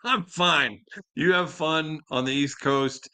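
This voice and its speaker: A man with a bright, forward tone co-hosts a podcast. He drops short, friendly interjections in casual chat and steers the show to its close. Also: fairly high pitch, slow pace, clear, resonant tone. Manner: brief interjections, wraps up the show. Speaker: co-host.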